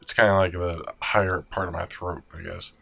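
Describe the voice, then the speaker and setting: A man's voice: sits low, little pitch movement, fairly quick, creaky, crowd noise. A man hosting a gaming video, chatting casually and unhurriedly about doing voices. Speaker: gameplay video host.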